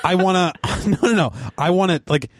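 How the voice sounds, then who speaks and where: A man's voice: high voice, normal speed, no room sound. Blunt skeptical man, podcast co-host. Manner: blunt, skeptical, swears freely. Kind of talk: casual chat.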